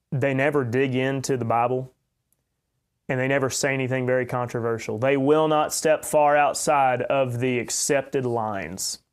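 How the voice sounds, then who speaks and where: A man with a light Oklahoma accent delivers a blunt, opinionated podcast monologue. He enunciates his words carefully, and his voice sits at an ordinary middle pitch. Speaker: podcast host. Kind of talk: commentary monologue.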